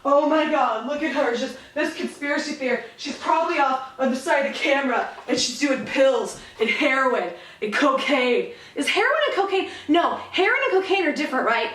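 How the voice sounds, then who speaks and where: A woman's voice: high-pitched, expressive, normal speed, hardly any pauses, fairly bright tone, echoey room. A woman YouTuber in a casual commentary vlog, rambling, swearing freely and laughing as she talks sarcastically from a room at home.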